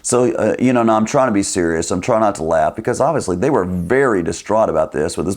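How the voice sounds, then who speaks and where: A man's voice: deep voice, quick pace, hardly any pauses, darkish tone. A man, a former TV news cameraman, telling a story casually and chattily, often laughing and saying "you know".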